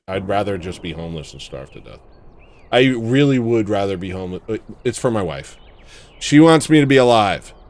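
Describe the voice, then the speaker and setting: A man hosting a casual livestream, rambling, joking at his own expense and greeting chatters by name. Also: low voice. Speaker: livestream host.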